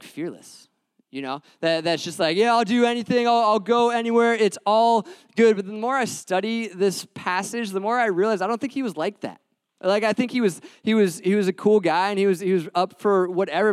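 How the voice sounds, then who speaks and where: A man's voice: a little high, clean tone, dry recording. A young man preaching a sermon in a conversational, earnest way, often adding "right?" to his points. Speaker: pastor.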